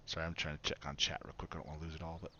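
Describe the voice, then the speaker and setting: His pitch is extremely low, though the tone is fairly bright, as this man chats and rambles through a farming game live stream, laughing often. A dull lo-fi stream mic picks up faint noise.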